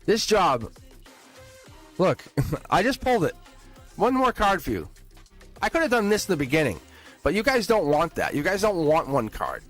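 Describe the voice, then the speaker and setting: Male tarot streamer, slightly high voice, excitable and profane, soft music underneath. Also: moderate pace, long pauses. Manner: excitable, swearing, laughing often. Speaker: tarot reader. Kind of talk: live-stream tarot reading.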